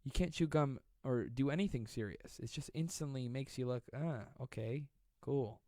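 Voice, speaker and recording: A man hosts a casual live stream from his home, and his talk is joking and self-mocking. He rambles from one story to the next and reads out viewer comments. He is close on a dry-sounding mic, with pitch in an ordinary middle register. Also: a little fast, dark tone, no room sound. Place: at home during quarantine. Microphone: close desk mic.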